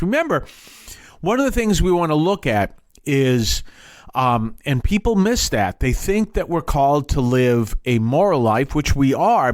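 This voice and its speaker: A man's voice: medium pitch, no echo. Man, Bible teacher, from the Boston area, no regional accent, casual rambling teaching, mid-range voice, dead dry room. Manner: conversational, digressive, with jokey asides.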